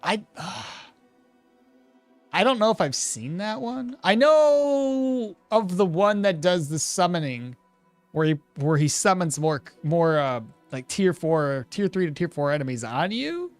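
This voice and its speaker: Animated streamer, lively swinging pitch. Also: unhurried, faint music behind. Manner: animated, laughing, trailing off and restarting mid-sentence. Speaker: game streamer. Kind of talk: casual live gameplay commentary.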